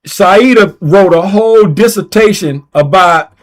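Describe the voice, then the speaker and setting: Hosting a casual giveaway livestream, this high-pitched man speaks at a measured pace. He playfully reads out viewer names and repeats himself while typing them in, teasing as he goes.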